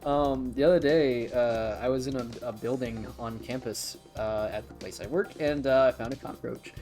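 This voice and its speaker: A woman's voice: rumbling low, moderate pace, dark tone, faint music behind. A woman chatting casually on a game stream, hesitant with fillers and often laughing. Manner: giggly, hesitant, many fillers. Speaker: streamer, co-host.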